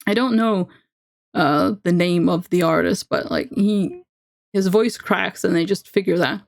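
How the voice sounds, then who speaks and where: Drawing during a livestream, a young woman chats casually and pokes fun at herself, laughing often. Her voice is fairly low and creaky, and she keeps a measured pace.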